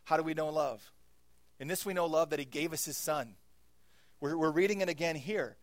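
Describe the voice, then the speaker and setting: A man's voice: a little high, moderate pace, no echo. Pastor, male, earnest sermon delivery with dramatic dynamics, tenor-leaning voice, dry close mic. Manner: earnest, dramatic swings from hushed to emphatic.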